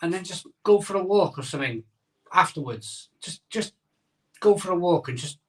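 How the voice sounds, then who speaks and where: A man with a high, expressive voice hosts a live stream at a moderate pace, casually chatting and reading out viewer comments. He is cheerful and chatty, repeating phrases and saying um a lot.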